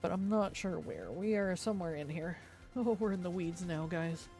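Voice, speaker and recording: A woman's voice: fairly low pitch, lively intonation, moderate pace, dark tone. A young woman streamer ranting at length, swearing a lot and making sarcastic, petty jabs. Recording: faint music behind.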